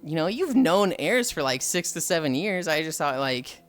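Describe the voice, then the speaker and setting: A woman's voice: low-pitched, moderate pace. Woman streamer chatting on stream, lots of up and down in her voice, faint music behind. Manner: animated storytelling, acts out quoted people. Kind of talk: casual chat with friends and chat.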